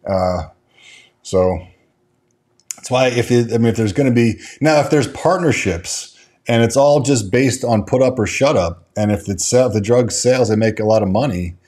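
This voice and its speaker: Reading and responding to chat on his casual stock market stream, the host meanders, restarting often and using lots of fillers. His voice is fairly low and a little mellow.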